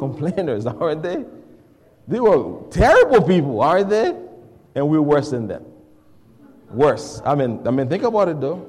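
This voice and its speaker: A man preaching a call-and-response sermon, asking the congregation to finish his sentences and swinging between hushed lines and shouts. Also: fairly high pitch, in a large hall. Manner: asks the congregation to fill in words, swings from soft to shouting.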